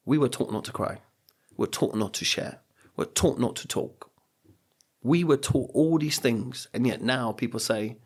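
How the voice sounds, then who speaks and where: Earnest gravelly-voiced man telling stories. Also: mid-range voice, a little slow, a little mellow. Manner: earnest, motivational, acts out quotes. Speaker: guest, coach and speaker. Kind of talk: reflective podcast storytelling.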